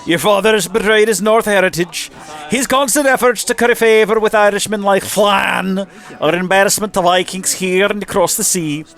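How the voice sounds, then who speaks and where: A man's voice: high-pitched, moderate pace, a bit bright, faint music behind, pitched above the performer's own voice. A man voicing a sneering male Viking gang bully while reading a letter aloud. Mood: mocking.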